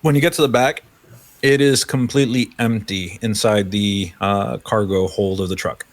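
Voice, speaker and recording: A man's voice: fairly low pitch, moderate pace. A man running a tabletop role-playing game as game master, describing scenes loosely with many fillers.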